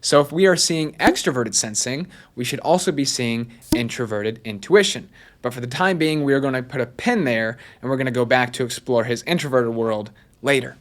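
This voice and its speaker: A man hosting a casual personality analysis video, chatty and excitable, with lots of "like". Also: mid-range voice, fairly quick. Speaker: host.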